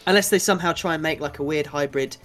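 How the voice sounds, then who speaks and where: Chatty British man, slightly high voice. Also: fast talker, over music. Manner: rambling, chatty, swears casually, laughs often. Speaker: podcast co-host. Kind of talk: casual chat.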